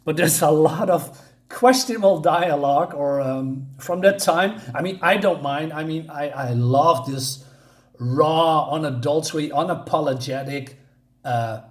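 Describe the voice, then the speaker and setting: A man's voice: a little high, a little slow. A man casually reviewing a comic book, searching for words with many fillers and restarts.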